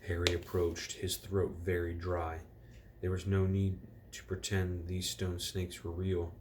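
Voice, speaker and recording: Deep-voiced man reading a storybook aloud. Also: a little slow, a little hiss or hum. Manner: relaxed, corrects himself and rereads.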